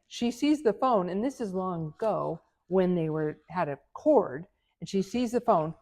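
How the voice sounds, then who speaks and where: A middle-aged woman, an author being interviewed, telling family stories in an animated way, laughing often and acting out the voices of the people in them. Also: on the low side, moderate pace. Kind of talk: animated storytelling.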